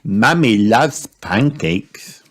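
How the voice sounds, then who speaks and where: A man voicing a bubbly little girl piglet in a storybook read-aloud, high and eager. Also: animated, drawn-out words, fairly bright tone, full character voice. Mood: excited.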